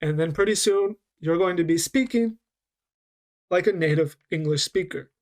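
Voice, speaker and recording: A man teaching a recorded online English course, patiently slowing down to demonstrate and checking in with frequent "okay?". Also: high voice, a little mellow.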